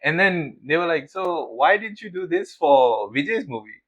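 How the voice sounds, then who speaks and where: A man's voice: on the high side, normal speed, low-quality recording. A young man co-hosting a podcast, telling stories in casual chat, acting out quotes and swearing as he goes. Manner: animated storytelling, swears, acts out quotes. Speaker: podcast co-host.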